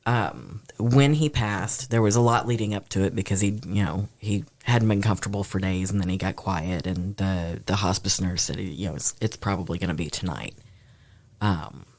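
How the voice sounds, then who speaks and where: A man co-hosting a casual podcast, speaking in an earnest, reflective way with pauses and hesitations. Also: deep voice, fairly even intonation, darkish tone. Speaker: podcast co-host. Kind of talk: casual chat.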